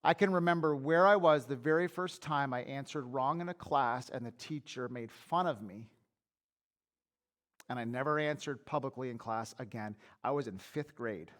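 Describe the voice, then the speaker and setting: A man's voice: medium pitch, normal speed, fairly bright tone. A man preaching a sermon as pastor in a church, telling candid personal stories in a conversational way and repeating words as he builds a point. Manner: repeats and restarts words when worked up.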